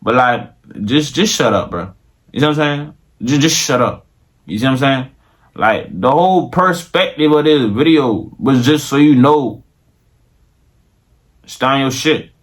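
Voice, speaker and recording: A man's voice: medium pitch, expressive. Young man ranting in slangy talk. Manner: slangy, profane, repetitive and rambling; slows into mock-grand preaching toward the end. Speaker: vlogger. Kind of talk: casual talk to camera.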